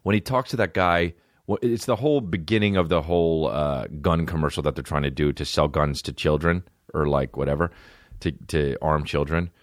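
A man hosting a solo comedy podcast, rambling and swearing as he riffs, bursting into quick mock voices. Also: extremely low pitch, no room sound, clean studio sound. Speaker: podcast host. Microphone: phone.

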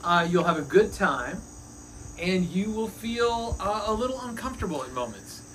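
A man's voice: high voice, normal speed, slight background noise, rough recording. A man, a pastor guest on a podcast, chatting casually and jokingly on an outdoor porch. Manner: animated, jokey, laughs while talking. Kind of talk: casual chat.

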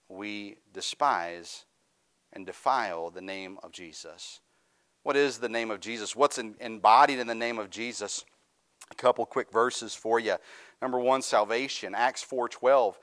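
Middle-aged guy preaching, reads bible verses, gets loud and fervent. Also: fairly low pitch, measured pace. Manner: reads scripture aloud, builds to raised fervent preaching. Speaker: pastor. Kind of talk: sermon.

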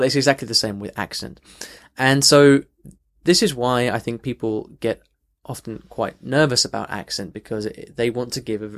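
A man hosts a language podcast and talks through a listener's question. He is earnest and restarts his sentences often, with sudden emphatic lifts. His pitch sits in the middle range. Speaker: podcast host and language coach.

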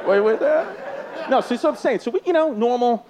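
A brash, profane comedian with a New York accent works the room in a comedy club, laughing through his jokes. His voice sits high for a man. A loud crowd and heavy noise fill the live recording. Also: expressive, moderate pace. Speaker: stand-up comedian. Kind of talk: stand-up comedy with crowd work.

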